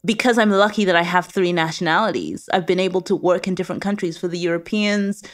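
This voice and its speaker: A woman's voice: fairly low pitch, steady tone, fast talker. A woman with a British accent, a guest in an interview, speaking in a confident, emphatic, motivational way. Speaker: guest, space lawyer. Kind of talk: interview conversation.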